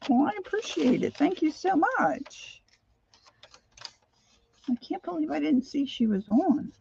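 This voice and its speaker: A woman's voice: high voice, sing-song, measured pace, gravelly, darkish tone, lo-fi sound. An older woman hosting a crafting livestream, chatting casually and greeting viewers by name as she works.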